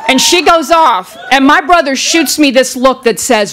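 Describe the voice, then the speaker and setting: A woman telling a comic personal story on stage, animated and acting out the people in it, into a stage microphone. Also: sits high, normal speed, few pauses, a faint crowd. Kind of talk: live first-person storytelling. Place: stage in front of a live audience.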